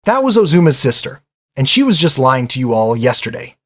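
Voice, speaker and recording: A man's voice: mid-range voice, sing-song, a little fast. A flustered, protesting teenage boy, read by a man. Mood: defensive. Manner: defensive, protesting. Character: flustered teenage boy, reluctant fake boyfriend.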